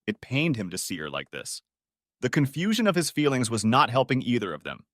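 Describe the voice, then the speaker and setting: A man narrating an audiobook story in a measured, scripted reading. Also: mid-range voice, huge pitch swings, a bit bright, dry recording, studio quality.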